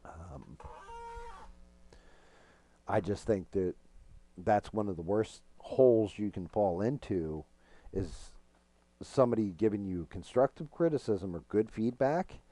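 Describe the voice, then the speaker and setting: Deep, dark-voiced man streaming casually. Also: lively intonation, takes it slowly, pauses often. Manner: frank, profane, rambling. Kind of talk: casual gaming stream chat.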